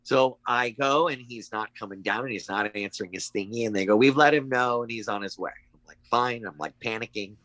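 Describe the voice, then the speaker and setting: A middle-aged man, a guest actor, telling animated stories in a casual chat and acting out the voices of the people he quotes. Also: mid-range voice, brisk, no echo, rough recording. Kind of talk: casual anecdotal storytelling.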